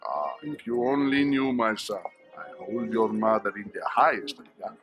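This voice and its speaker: A man voicing a formal, discreet male cardinal in a video game, speaking in a measured, courtly way, with faint game music behind him. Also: fairly low pitch, expressive.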